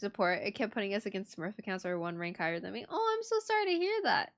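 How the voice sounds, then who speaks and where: Excitable young woman streamer. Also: medium pitch, fast. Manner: excitable, chatty with viewers. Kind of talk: casual live-stream chat and reading.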